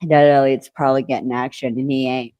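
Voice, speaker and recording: A woman co-hosting a podcast, recapping an episode in rambling casual chat and acting out quoted lines, clearing her throat now and then. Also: rumbling low, little pitch movement, fairly quick, no echo, dull audio. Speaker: podcast co-host.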